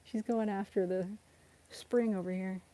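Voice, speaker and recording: Warm-toned and unhurried, with fairly even intonation, a young woman chats casually on a home livestream as her rescue cats play. The cat rescue streamer is giggly and talkative, laughing a lot and coaxing the cats in a high coo.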